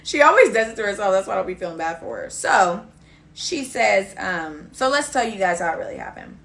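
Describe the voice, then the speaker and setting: A young woman with a bright, sharp voice tells a casual storytime rant. She is blunt and swears freely, and she slips into quoted back-and-forth dialogue as she speaks. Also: medium pitch, very animated, fairly quick, gravelly.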